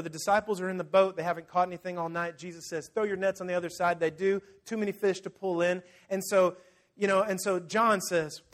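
A man preaching a sermon, telling the story vividly, acting out scenes and speaking straight to his congregation. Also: sits high. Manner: lively storytelling, acts out scenes; addresses the congregation directly. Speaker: pastor.

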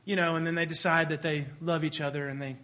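A young adult man giving a comedic monologue in an animated way, acting out the voices of people he describes. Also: on the high side, fast talker. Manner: animated, acts out quoted voices. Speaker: speaker.

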